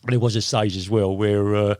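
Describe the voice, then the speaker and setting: A man's voice: fairly low pitch, fairly even intonation, brisk, a little mellow, no echo, clean studio sound. An older man from England, telling long stories in a rambling, casual way with many fillers. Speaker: guest. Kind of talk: casual storytelling interview.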